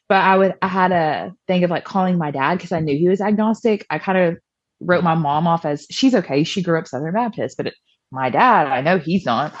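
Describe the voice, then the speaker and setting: A woman's voice: fairly low pitch, dry recording, dull audio. A young woman from the American South, chatty and self-deprecating, telling her personal story as a podcast guest and acting out past conversations.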